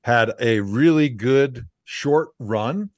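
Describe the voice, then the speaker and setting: A man co-hosting a casual sports podcast, easygoing and quick to laugh along. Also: medium pitch, a little mellow, no echo. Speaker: podcast co-host. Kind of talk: casual chat.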